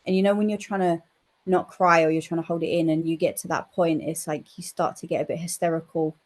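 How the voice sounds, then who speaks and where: A woman's voice: low voice, brisk. Lady, psychic guest, chatty storyteller, swears a bit. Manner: chatty, animated, swears and laughs while telling stories. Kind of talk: casual storytelling interview.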